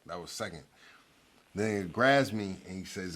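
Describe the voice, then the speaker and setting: A middle-aged man with a low-pitched voice tells a story in a casual, slangy way. His tone is bright and forceful, and he acts out the other people's lines as he goes. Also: moderate pace. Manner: animated, acts out quoted lines, slangy and profane. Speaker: guest telling his life story. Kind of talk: casual storytelling in a therapy-style talk show.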